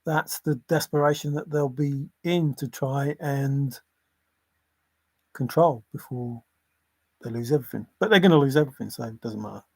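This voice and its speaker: A man's voice: mid-range voice, moderate pace, gravelly, a little mellow, dry recording. Rambling man on a livestream, dry sound. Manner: rambling, chuckling, apologetic. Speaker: livestream host. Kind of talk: casual livestream chat.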